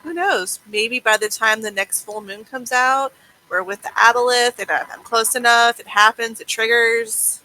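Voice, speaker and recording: Woman, tabletop game player, slightly high, bright tone, giggly. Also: moderate pace, slight background noise, poor audio. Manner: giggly, eager. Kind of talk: casual tabletop game chat.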